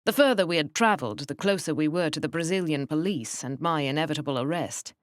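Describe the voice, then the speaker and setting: Woman, audiobook narrator, low voice, measured and wry, dry close recording. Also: no room sound. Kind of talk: scripted narration.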